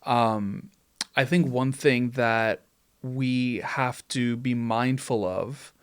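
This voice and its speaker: Podcast host guy, measured and reflective, lots of mm-hmms for his guest. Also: medium pitch, clean tone. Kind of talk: podcast conversation.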